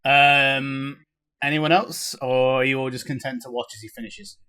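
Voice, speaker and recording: A man's voice: medium pitch, fairly even intonation, moderate pace, sharp tone, clean tone. A man narrating a tabletop game as dungeon master, casual and profane.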